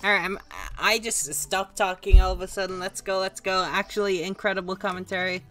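A woman's voice: mid-range voice, flat delivery, fairly quick, a bit bright, faint music behind. A woman streamer giving casual, sarcastic, self-mocking commentary while playing a game. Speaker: gaming streamer. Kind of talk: casual live gaming commentary.

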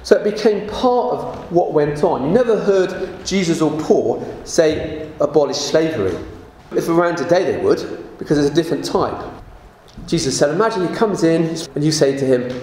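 A man's voice: on the high side, animated, moderate pace, warm tone. Man preaching in a very echoey room. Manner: conversational teaching with rhetorical questions. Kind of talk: sermon. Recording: very echoey room with faint noise.

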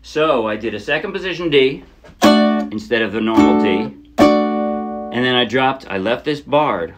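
A man of middle pitch gives a relaxed, conversational ukulele lesson, explaining strums and counting the beat out loud. His own ukulele plays loudly underneath the whole time. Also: a little slow, loud music behind the voice. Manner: chatty, counts beats aloud while playing. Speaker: ukulele teacher. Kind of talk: casual instructional talk. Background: loud ukulele playing.

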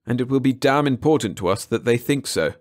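A man's voice: medium pitch, expressive, brisk, darkish tone, pitched above the performer's own voice, close to an everyday voice. A man voicing a young male agent in a storybook reading, speaking in a firm, urgent way.

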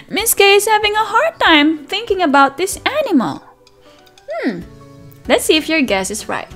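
A young woman teacher reading a picture book aloud to toddlers, in a sing-song, exaggerated way with gasps and questions for the child. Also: very high voice. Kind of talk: read-aloud lesson for toddlers.

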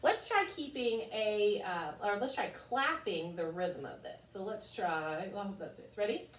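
A woman's voice: medium pitch, animated, normal speed, a little hiss or hum. A woman teaching children a music lesson, cheerfully chanting rhythm syllables. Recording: echoey room, mic far off.

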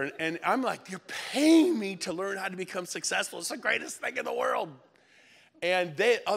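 A middle-aged man giving an energetic motivational speech to a live audience at an event, firing questions at the crowd in short punchy bursts. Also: high-pitched. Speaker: motivational speaker. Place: event hall.

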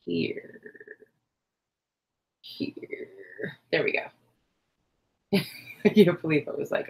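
Lady streamer crocheting and chatting, self-deprecating, kinda low voice, slow. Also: fairly even intonation, vocal fry. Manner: self-deprecating, chatty, counts stitches aloud. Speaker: livestream crafting host. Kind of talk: casual livestream chat.

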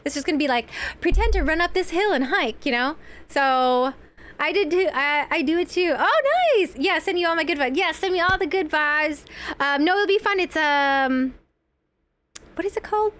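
A woman's voice: high-pitched, normal speed, a bit bright. A young woman streaming a video game from home, chatting casually and giggling while she rambles and reads her chat aloud.

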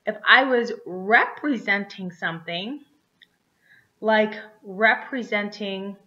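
A woman teaching a theater class online, animated and chatty, often checking in with a quick "right?". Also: mid-range voice, lo-fi sound.

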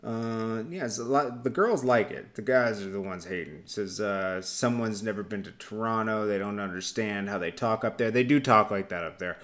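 A man's voice: on the low side, normal speed, hardly any pauses, fairly bright tone. A man hosting a hip-hop news channel, talking loosely with frequent "uh"s and chuckles. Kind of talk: casual reaction commentary.

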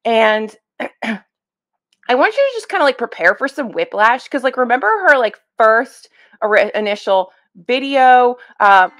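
A woman's voice: fairly high pitch, sing-song, unhurried, fairly bright tone. Chatty, wryly exasperated woman host. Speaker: book commentary video host. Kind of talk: casual reaction commentary. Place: at home before work. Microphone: streaming webcam setup.

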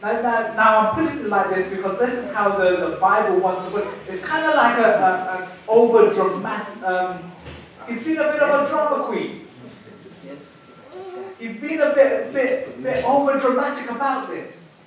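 High-voiced male pastor, animated storytelling sermon, heard from afar in a very echoey church hall. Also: normal speed, far from the mic, a little hiss or hum. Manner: animated storytelling, repeats words when building a point.

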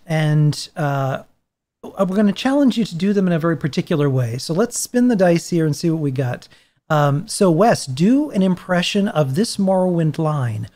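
A woman hosting a casual podcast game, reading lines out slowly and laughing often. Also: low voice, lively intonation, warm tone. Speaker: podcast host.

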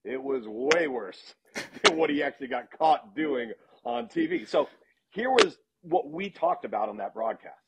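A middle-aged man, a football analyst, casually telling animated stories as a podcast guest. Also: on the high side, a little slow, heavy background noise. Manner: animated anecdotes with laughs and restarts. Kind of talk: casual storytelling in a podcast interview. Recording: dull lo-fi sound.

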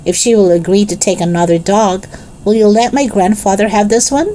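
A woman voicing a sensible, earnest older boy who explains things calmly in a storybook read-aloud. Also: mid-range voice, fairly quick, a little hiss or hum, voice pushed up, lightly acted, low-quality recording.

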